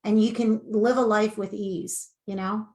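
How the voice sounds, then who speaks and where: A woman coach giving earnest, animated advice in a conversational interview. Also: mid-range voice, measured pace. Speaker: weight-loss coach.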